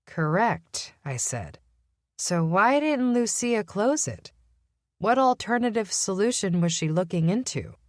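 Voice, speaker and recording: A woman reading a first-person audiobook, measured and wry. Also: medium pitch, sing-song, no room sound, studio quality. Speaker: audiobook narrator.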